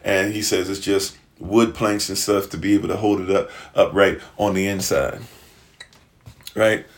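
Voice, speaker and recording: A man's voice: sits low, steady tone, measured pace. A man preaching in a casual, slangy way, retelling a scripture story and acting out its characters.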